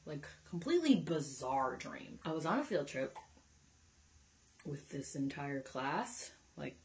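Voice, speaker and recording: A young woman with a slightly low voice tells a story in a loose, casual way. She is frank and chatty, and she swears often. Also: sing-song, measured pace, darkish tone. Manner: candid and chatty, swears freely. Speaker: vlogger.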